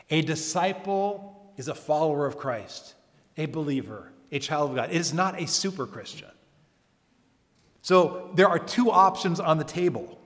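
Earnest man preaching in a reverberant hall. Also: a little high. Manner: earnest, emphatic preaching with rhetorical questions. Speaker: pastor. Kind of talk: sermon. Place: church service.

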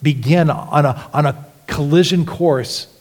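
In the church sanctuary, a long reverb trails the words of a male pastor delivering his sermon at a measured pace. His somewhat high voice carries earnest conviction, shifting from hushed, almost whispered lines to rising, emphatic appeals.

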